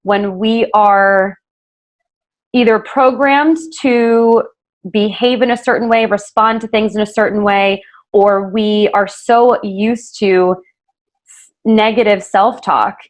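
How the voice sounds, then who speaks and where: A woman's voice: medium pitch, steady tone, takes it slowly. Earnest woman podcast host. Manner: earnest, full of fillers and self-corrections. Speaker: podcast host interviewing a guest. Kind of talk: casual conversational interview.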